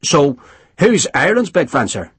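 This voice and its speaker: A male audiobook narrator voicing a cheerful, cheeky sergeant with a husky voice. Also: a little high, big pitch swings, normal speed, fairly bright tone, no echo, pitched above the performer's own voice, heavily acted. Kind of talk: audiobook character voice.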